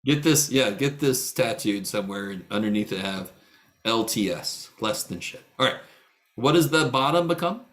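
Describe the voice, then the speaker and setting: A man's voice: fairly low pitch, animated, moderate pace, a bit bright. A middle-aged man teaching a math class over a video call. He jokes, teases students by name and swears freely. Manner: joking, blunt, swears freely. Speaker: math instructor. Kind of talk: casual online lecture.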